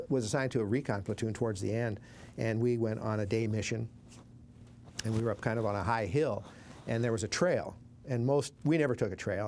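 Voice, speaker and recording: Gravelly older man recalling memories. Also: lowish voice, darkish tone, a little hiss or hum. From Montana, USA. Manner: halting, many restarts and fillers, plain-spoken. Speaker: veteran recounting war memories. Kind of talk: oral history interview.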